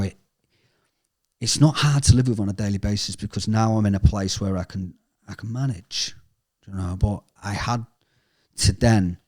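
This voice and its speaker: A man giving a candid, emotional personal testimony in an interview, speaking haltingly and often trailing off quietly. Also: low voice. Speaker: interviewee sharing a recovery story.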